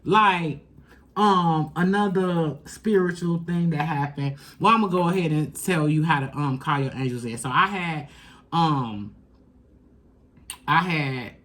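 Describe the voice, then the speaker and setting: Emphatic slangy woman tarot reader. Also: unhurried. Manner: emphatic, slangy and profane, coaching the listener directly; swings between loud high bursts and low quiet asides. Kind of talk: casual spoken tarot reading.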